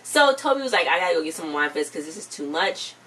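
A woman co-hosting a casual TV recap chat, retelling scenes in an animated way and voicing the characters' lines. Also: lowish voice, fast. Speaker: co-host reviewing a TV episode. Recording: distant mic with faint background noise.

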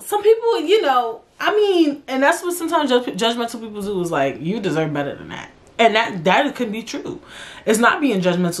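Blunt, profane woman podcast host. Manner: blunt, profane, animated with big pitch jumps. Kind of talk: casual solo podcast talk.

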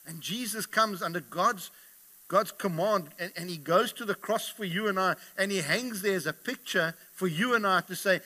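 High-voiced man preaching a fervent sermon. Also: moderate pace, sharp tone. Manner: impassioned, rising in volume when retelling stories. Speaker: pastor.

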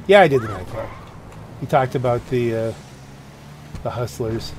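A man's voice: mid-range voice, moderate pace, a little hiss or hum. A man giving a rambling, casual commentary while touring his car garage in a video game, often stopping to correct himself. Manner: rambling, self-correcting, chatty. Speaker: gaming channel host. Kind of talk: casual let's-play commentary.

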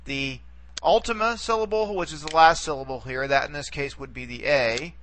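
A man's voice: a little high, moderate pace, fairly bright tone. A man teaching a recorded lesson, patient, repeating words and checking in with frequent "okay?" prompts. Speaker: Greek language teacher. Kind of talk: recorded video lecture.

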